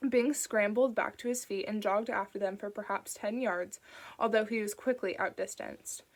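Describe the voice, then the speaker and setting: A woman reading an audiobook in a steady, even narration. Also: mid-range voice, normal speed. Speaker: audiobook reader.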